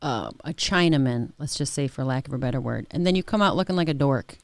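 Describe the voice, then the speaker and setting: A woman's voice: a bass voice, lively intonation, fast, vocal fry, no room sound. A woman in casual podcast conversation, chatty and fond of imitating accents. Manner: chatty, drops into mimicked accents. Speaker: podcast co-host.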